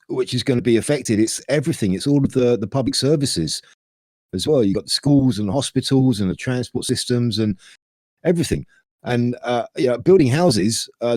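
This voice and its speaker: A man makes his case emphatically in a casual chat, piling up points one after another. His voice is mid-pitched and sounds close and dry, with no room echo. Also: a little mellow. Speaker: discussion panelist.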